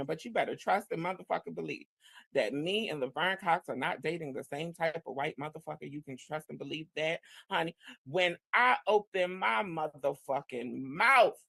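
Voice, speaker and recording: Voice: medium pitch, moderate pace, creaky, bright, forceful tone, no echo. Blunt, profane, casual chat, dry sound. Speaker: panelist.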